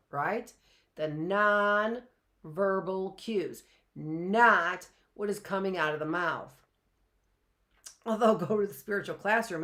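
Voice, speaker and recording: A woman's voice: fairly low pitch, a bit bright. A middle-aged woman teaching a live online class in a chatty way, often checking in with "right?" and rhetorical questions.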